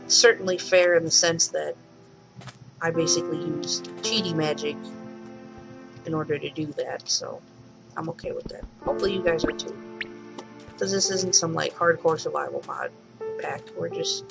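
A woman's voice: low-pitched, fairly even intonation, moderate pace, gravelly, long pauses, over music, rough recording. A woman giving casual, chatty commentary while playing a game at home, swearing lightly and talking to the animals. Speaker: let's play host. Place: home room.

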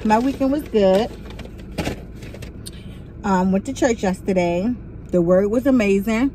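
A woman's voice: mid-range voice, a little slow, mellow, slight background noise, low-quality recording. A young adult woman hosting a casual mukbang vlog from inside a car, chatting directly to her viewers. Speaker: vlogger host.

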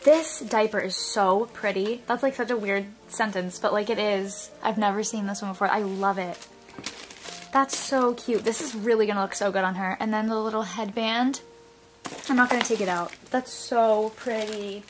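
A young woman chatting casually through an unboxing, gushing and gasping with excitement. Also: mid-range voice, normal speed. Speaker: vlogger unboxing a reborn doll. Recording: music playing underneath.

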